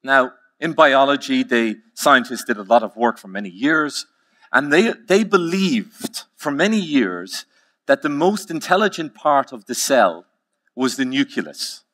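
A man giving a conference keynote, telling stories with emphatic, slowly repeated phrases. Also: medium pitch, very animated, fairly bright tone. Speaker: keynote speaker.

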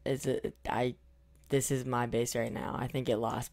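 A young gaming YouTuber gives casual, excitable commentary over his own gameplay, his voice hoarse from losing it. He trails off into mumbles before breaking into loud cheers, speaking at normal speed in a medium pitch.

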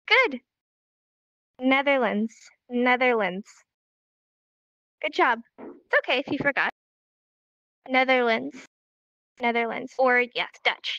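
A woman's voice: fairly high pitch, slow, long pauses, pushed and bright, no room sound. A woman teaching a live online sign language class in an upbeat, encouraging way, recorded as dull lo-fi stream audio.

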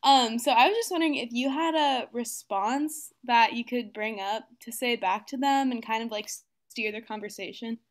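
A woman's voice: a little high, moderate pace, few pauses. A young woman asking the speaker a polite, somewhat hesitant question. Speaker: audience questioner.

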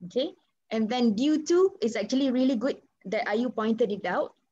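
Her voice fairly high, warm, and slightly rough, a woman with a Malaysian accent runs an online English class at a normal pace. She switches between Malay and English, asking students questions and encouraging them. The sound is slightly muffled video call audio.

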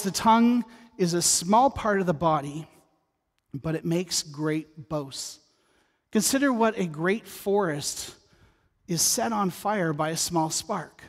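Here a middle-aged male pastor preaches in a high voice, telling a personal story and slipping in jokes in a conversational manner. The long reverb of the church sanctuary makes his words ring out.

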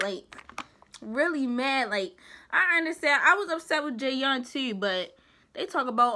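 A young woman vlogger chatting casually, emphatic and animated with rhetorical asides. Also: fairly high pitch, measured pace. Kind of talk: casual commentary chat.

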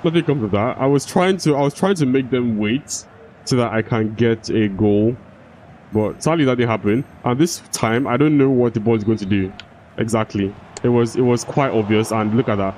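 A man's voice: medium pitch, moderate pace, darkish tone, slight background noise. A young man giving casual gameplay commentary, often frustrated, swearing and restarting his sentences. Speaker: gaming YouTuber.

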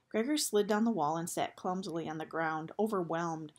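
Woman reading a novel aloud, husky. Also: lowish voice, normal speed, hardly any pauses. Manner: steady storytelling narration. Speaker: audiobook reader.

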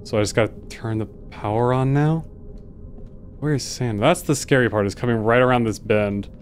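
A man playing a horror video game and commenting as he goes, yelping and laughing at the scares and muttering quietly in between. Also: moderate pace. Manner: jumpy, yelps and laughs at scares, then mutters low. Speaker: gaming video host. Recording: faint game music behind.

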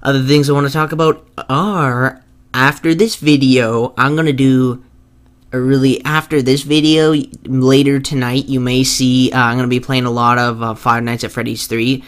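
A young man who rambles eagerly to his viewers, tripping over his words and starting his sentences over. His voice sits at an ordinary middle pitch, and his talk is loose and unscripted. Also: flat delivery, moderate pace. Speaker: gaming video creator. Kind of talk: casual talk to viewers over gameplay footage.

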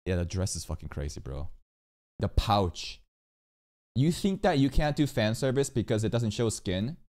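A man giving casual reaction commentary as a streamer. He swears often and jumps from calm explaining to loud, high-pitched rants. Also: moderate pace.

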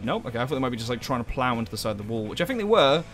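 A man's voice: mid-range voice, very animated, very fast, a bit bright, faint music behind. A young man giving sweary, sarcastic commentary while playing a game as a let's play host. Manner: sweary, sarcastic, exasperated outbursts. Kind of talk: gameplay commentary.

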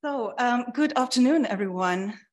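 A woman opening her talk at an academic symposium, measured and polite as she thanks her hosts. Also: a little high, animated. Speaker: guest speaker and organizer. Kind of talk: formal opening remarks. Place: lecture hall.

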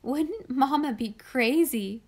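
Woman doing a giggly high-spirited young woman. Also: takes it slowly, a little mellow. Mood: playful.

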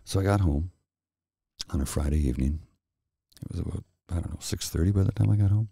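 A middle-aged man hosting a soft-spoken ASMR chat, telling a rambling story slowly and with restarts, close to the mic. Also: low-pitched, gravelly, husky, dry recording. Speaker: host.

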